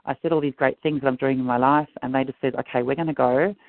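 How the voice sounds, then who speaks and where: A man's voice: mid-range voice, fairly even intonation, quick pace, vocal fry, dry recording. Man on a tinny line. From Australia. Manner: rambling, earnest, agitated. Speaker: guest. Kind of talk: personal account. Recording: dry tinny phone-like line.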